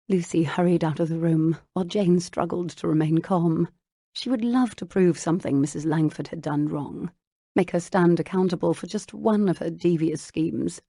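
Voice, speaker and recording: A woman reading an audiobook in measured, even storytelling narration. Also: low-pitched, no room sound, clean studio sound. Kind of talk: scripted narration.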